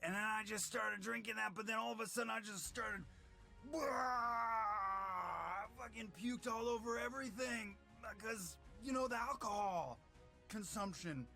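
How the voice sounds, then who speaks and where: Man doing a high, gravelly, bright brash young woman, rambling and cussing. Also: a little fast, soft background music, full character voice. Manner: rambling, profane, stumbling over words. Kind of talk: improvised game retelling.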